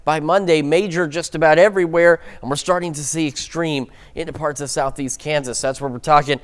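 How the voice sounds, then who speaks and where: A man's voice: on the high side, fairly even intonation, fairly quick. A man anchoring a local morning newscast and giving the weather forecast, chatty and upbeat, with the odd stumble.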